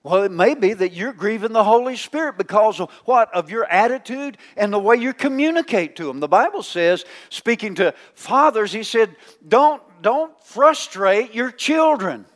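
A male pastor preaching a folksy, teasing sermon, swinging between loud calls and hushed asides. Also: high voice, animated, moderate pace, in a large hall.

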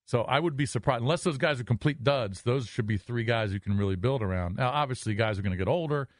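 A man co-hosting sports talk radio, laying out his points in a measured way. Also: mid-range voice, dry recording, clean studio sound.

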